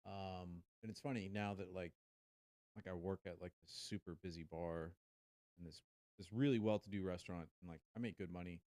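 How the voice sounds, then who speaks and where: A male podcast guest chatting casually, excitable and full of swearing and "dude.". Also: low voice, moderate pace, no echo. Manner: excitable, swears a lot, keeps saying "dude". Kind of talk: casual chat.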